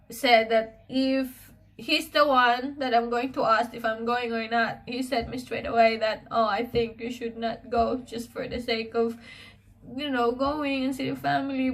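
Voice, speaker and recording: Filipino woman vlogger, slightly high voice, tearful and halting, talking to camera at home. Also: a bit bright. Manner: hesitant, halting, many fillers and restarts. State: emotional, close to tears. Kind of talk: personal video diary.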